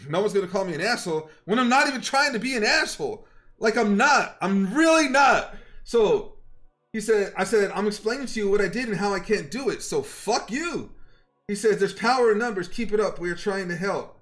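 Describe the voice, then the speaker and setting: High, animated, profane male streamer. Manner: profane and confrontational; fast, worked-up storytelling. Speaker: game streamer. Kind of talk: heated live-stream rant.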